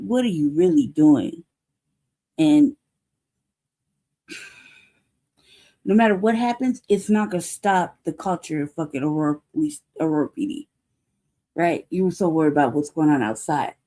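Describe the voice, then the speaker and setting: A woman hosts a news livestream, talking bluntly and cursing freely. She fires off rhetorical questions and repeats her points. Her voice sits low and sounds warm and dark. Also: lively intonation, normal speed, pauses often. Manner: blunt, profane and heated. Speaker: news show host. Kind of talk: casual livestream commentary.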